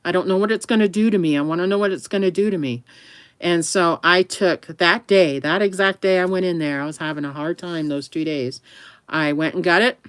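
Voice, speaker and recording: A woman's voice: lowish voice, fairly quick, clean tone, no room sound. A woman talking to camera in a rambling, chatty way, often laughing. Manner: talks affectionately to her dog between remarks. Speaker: vlogger. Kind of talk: casual chat to camera.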